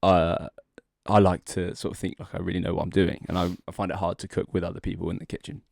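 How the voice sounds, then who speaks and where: A young adult man co-hosting a podcast casually tells a long, rambling joke story, dragging out the setup and laughing often. His voice is deep, level, fast, creaky and a little mellow. The recording is dry and clean, studio quality.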